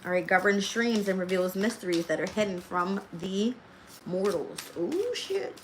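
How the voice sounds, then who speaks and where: A woman's voice: medium pitch, steady tone, moderate pace, noisy background. A woman reading tarot on a live stream, chatting loosely with her viewers, laughing a lot and swearing freely. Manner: talks loosely with slang.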